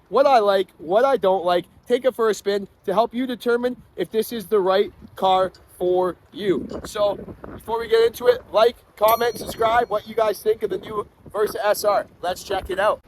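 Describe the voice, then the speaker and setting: A man's voice: high voice, a little hiss or hum. A man hosting a casual walkaround car review, upbeat and chatty as he points out features, first outdoors and then inside the car. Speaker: car reviewer, channel host.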